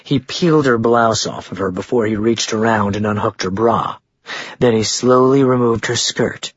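A man narrating a romance novel in a steady, even storytelling read. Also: medium pitch, moderate pace, husky, no room sound, dull audio. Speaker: audiobook narrator.

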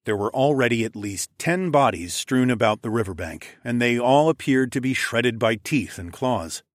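Brief: male audiobook narrator, mid-pitched, steady and measured, dry close mic. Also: dry recording. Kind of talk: scripted first-person narration.

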